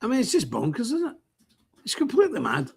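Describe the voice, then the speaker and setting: A Northern Irish man talking straight to his livestream viewers in an animated, blunt, rambling way. He keeps restarting his sentences and breaking off into asides. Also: extremely high pitch, fast, creaky, breathy edge. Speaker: livestream host. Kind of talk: livestream commentary.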